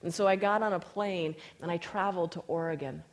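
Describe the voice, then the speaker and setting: A woman's voice: on the low side, a little fast. Woman telling a sermon story. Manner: storytelling, reads scripture aloud with emphasis. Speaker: speaker.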